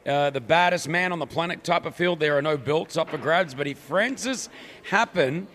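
A man's voice: a little high, normal speed, a bit bright, a little hiss or hum. A middle-aged man from Australia hosting a breakfast radio show, joking and leading the banter. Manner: playful, jokey, leads the talk.

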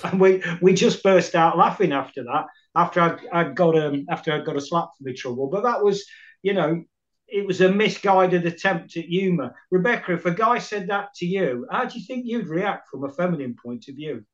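A man's voice: high-pitched, moderate pace, muffled recording. A man hosting a casual chat, telling rambling, self-mocking anecdotes. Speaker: podcast host.

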